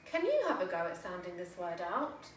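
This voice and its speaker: An English woman, an infant school teacher, giving a phonics lesson to young children in a slow, sing-song, encouraging way and sounding words out. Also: lowish voice, huge pitch swings. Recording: echoey room, voice from a distance, faint background noise.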